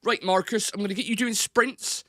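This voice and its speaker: A man's voice: sits high, steady tone, normal speed, bright, forceful tone, no echo, clean studio sound, pitched above the performer's own voice. A man doing a chirpy mock-Bristolian football manager. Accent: put-on Bristolian.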